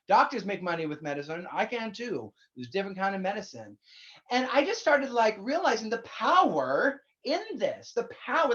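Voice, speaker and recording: Blunt, chatty minister preaching; plain middle pitch, muffled low-fi recording. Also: fairly bright tone. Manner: candid, blunt, swears casually; conversational, addresses listeners directly. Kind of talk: sermon.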